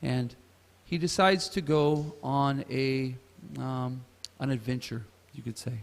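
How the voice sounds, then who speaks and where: A man's voice: medium pitch, fairly even intonation, takes it slowly, gravelly. A man teaching a scripture class at a temple, retelling a story and asking the audience questions. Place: temple hall. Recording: reverberant temple hall.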